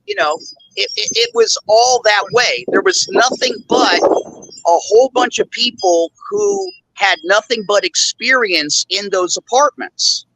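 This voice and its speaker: Blunt rambling man with a bright voice. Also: very high-pitched, very animated, unhurried, creaky, poor audio. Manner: rambling storyteller, many fillers; blunt and indignant. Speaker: show host. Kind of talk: casual podcast chat.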